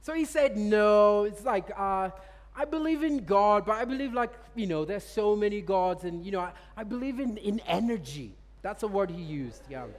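Very high-voiced man preaching in a reverberant hall. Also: lively intonation, normal speed. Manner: chuckles often, repeats words while storytelling. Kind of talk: sermon with personal stories. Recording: long reverb of a large hall.

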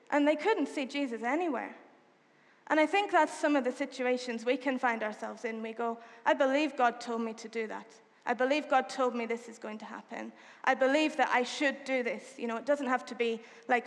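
Female preacher, high pitch, casual conversational sermon delivery, reverberant hall sound. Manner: conversational, with casual fillers like "like" and "you know". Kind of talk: sermon retelling a Bible story.

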